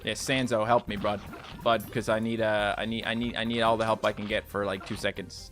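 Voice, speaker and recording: A man's voice: fairly low pitch, little pitch movement, normal speed, fairly bright tone, faint music behind. A young man live-streaming a mobile game, chatting loosely and answering viewer comments as he plays. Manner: coaxing the game on, repeating short phrases.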